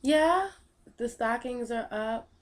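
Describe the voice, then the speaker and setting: A young woman answering viewer questions in a casual, rambling vlog. She thinks out loud and fills her pauses with ums. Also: a little high, expressive. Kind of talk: casual chat.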